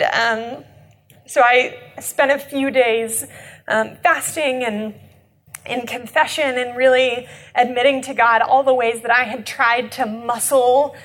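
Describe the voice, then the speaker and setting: A young woman's fairly high voice tells a personal faith story through tears. She speaks haltingly, pausing often on fillers and restarting her sentences. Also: fairly bright tone. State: tearful. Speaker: nonprofit director. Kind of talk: personal testimony.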